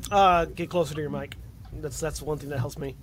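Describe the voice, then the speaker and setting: A man's voice: fairly high pitch, steady tone, fairly quick, background noise. A man running a tabletop game online, chatty and swearing casually. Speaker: game master.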